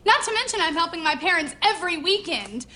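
An actress playing a wife arguing with her husband in a short video drama, exasperated and sharp. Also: very high-pitched, sing-song, fast, full character voice.

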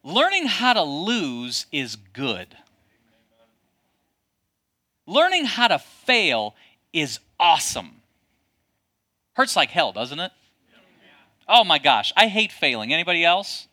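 A man preaching a sermon as a pastor, addressing his congregation with lively rhetorical questions. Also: fairly high pitch, takes it slowly.

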